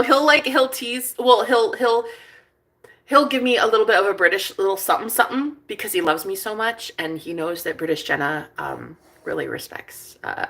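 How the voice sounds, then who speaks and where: A young woman vlogger telling a story in casual chat, chatty and excitable, swearing freely and breaking into laughs. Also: mid-range voice, normal speed.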